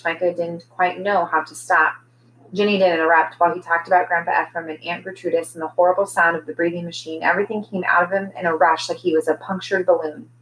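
A woman teacher reading a children's novel aloud in a gentle storytelling manner, giving the characters' lines their own voices. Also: on the low side, a little hiss or hum, poor audio.

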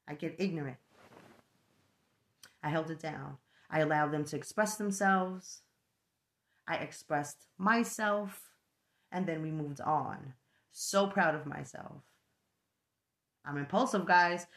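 A woman's voice: on the low side, unhurried, long pauses, a bit bright. A middle-aged woman with a New York accent, chatting frankly to camera about her life, often tagging lines with "right?" and laughing between thoughts. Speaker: vlogger and mother. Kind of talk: casual reflective talk to camera.

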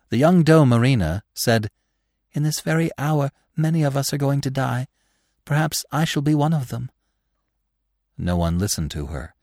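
A man reads a classic tale aloud with lively pitch, moving from hushed passages to loud, urgent ones. The recording is dry and close. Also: no echo. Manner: dramatic, with big swings between hushed lines and loud ones. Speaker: podcast narrator. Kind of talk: scripted narration of a classic novel.

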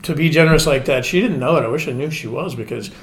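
Forties male guest, chatty anecdotal storyteller, even mid voice, casual talk. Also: mid-range voice, fast. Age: 40s. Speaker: podcast guest, spirits brand manager.

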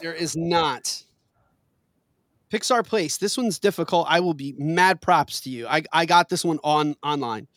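A man's voice: a little high, unhurried, fairly bright tone, no echo, clean studio sound. A man hosting a casual trivia game with friends, reading questions aloud and laughing often. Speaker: quiz game host.

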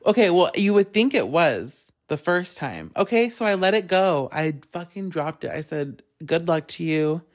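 Animated podcast host telling a story. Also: medium pitch, moderate pace, few pauses. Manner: animated, laughing often, swears freely. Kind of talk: casual solo podcast storytelling.

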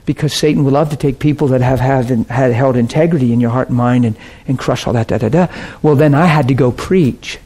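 A man preaching a personal testimony, telling the story with strong feeling and swinging between soft and loud delivery. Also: mid-range voice, a little fast, few pauses, husky. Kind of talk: sermon testimony.

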